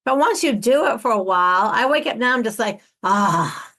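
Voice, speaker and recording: A woman in her sixties chats as host of a podcast interview. Her voice sits fairly high, and she talks emphatically, repeating words. She slips into other people's voices to act out their lines. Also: animated, fast talker, pushed and bright. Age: 60s. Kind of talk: casual interview chat.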